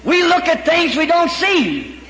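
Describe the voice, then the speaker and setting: A man preaching a storytelling sermon before a congregation, fervent, breaking into shouts and chuckles. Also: very high voice, very animated, unhurried. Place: large church hall before a congregation. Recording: echoey hall, faint background noise.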